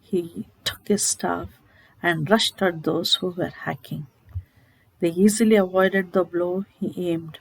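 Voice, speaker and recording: A woman's voice: fairly low pitch, slow, gravelly, husky, no echo, rough recording. A woman teacher retelling a short story in a literature lesson, asking herself questions and checking in with "okay?". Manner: explanatory, asks rhetorical questions, checks with "okay?".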